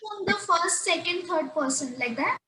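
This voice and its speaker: A woman's voice: extremely high pitch, expressive, moderate pace, sharp tone, a little hiss or hum, poor audio. A woman student asking questions in a language lesson, in a hesitant, questioning way.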